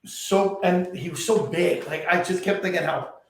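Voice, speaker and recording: High-voiced man, distant and echoey. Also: moderate pace, vocal fry. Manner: enthusiastic, stumbling restarts. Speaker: podcast co-host. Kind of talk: casual chat. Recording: echoey room, mic at a distance.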